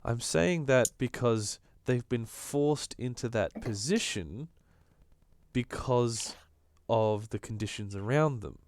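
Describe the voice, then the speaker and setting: An Australian man co-hosting a political podcast, talking in an animated, casual way and often restarting his sentences. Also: medium pitch, slow, no echo. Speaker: podcast co-host.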